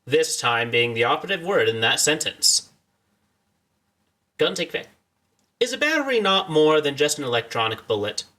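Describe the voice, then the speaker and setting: Bright, lively young man streaming a game. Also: a little high, moderate pace, long pauses. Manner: jokey, rambling, chats to viewers. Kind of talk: casual let's-play commentary.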